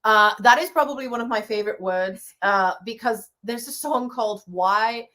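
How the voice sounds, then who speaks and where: A woman's voice: on the high side, normal speed, pushed and bright. Chatty, exclamatory woman co-host. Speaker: podcast co-host. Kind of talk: casual live chat.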